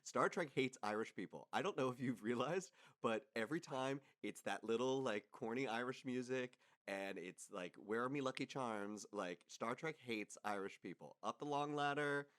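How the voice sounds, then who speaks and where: A man co-hosting a podcast in casual chat, making teasing deadpan jokes. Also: mid-range voice, moderate pace, hardly any pauses. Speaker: podcast co-host.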